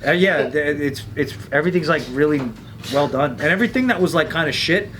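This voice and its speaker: A man's voice: on the high side, fairly quick, a bit bright, slight background noise. A man from California chatting casually on a podcast, rambling with lots of fillers and restarts. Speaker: podcast co-host. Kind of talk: casual group chat.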